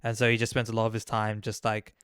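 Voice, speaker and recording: A man's voice: lowish voice, monotone, fast, a bit bright, clean tone, dry recording, studio quality. A man co-hosting a podcast in casual chat, telling stories in a rambling, hesitant way. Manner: rambling, hesitant, lots of fillers and restarts. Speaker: podcast co-host.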